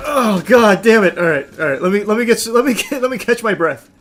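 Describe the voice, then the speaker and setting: A man streaming a video game, his voice sitting very high and sounding bright and sharp. He swings between slow, drawn-out remarks and excitable shouted outbursts at the screen, with plenty of profanity. Faint music plays behind him. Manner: profane, self-mocking asides. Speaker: gaming streamer. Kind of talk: live gaming commentary.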